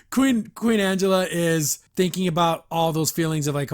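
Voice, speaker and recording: A man's voice: fairly high pitch, fairly quick, few pauses. A man giving a casual reaction review of a cartoon episode, rambling and sarcastic as he recaps it. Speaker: show reviewer.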